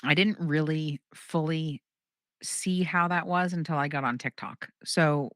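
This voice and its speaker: Animated bright-voiced woman telling a story. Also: measured pace, no echo, clean studio sound. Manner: animated, acts out quotes with big pitch jumps. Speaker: comedian guest. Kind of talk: casual storytelling chat.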